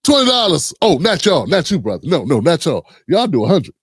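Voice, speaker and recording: A man mimicking a smug middle-aged male preacher who demands money, in a slow, deep, smooth-talking swagger. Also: wildly swooping pitch, no echo, clean studio sound, exaggerated voice.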